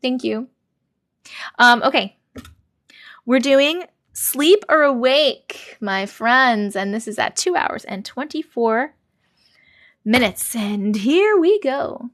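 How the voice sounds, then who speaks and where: A woman's voice sitting a little higher than most, bubbly and effusive as she hosts a casual live stream. She reads comments aloud and answers viewers directly, in a loose, chatty way. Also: slow pace, pauses often, fairly bright tone.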